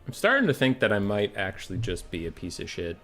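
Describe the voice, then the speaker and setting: A man streaming a strategy game, chatting casually and brashly with his viewers, swearing freely and reacting out loud. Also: on the low side, a little fast, soft background music. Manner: brash, swearing, animated, talks to chat. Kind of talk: casual gaming stream chat.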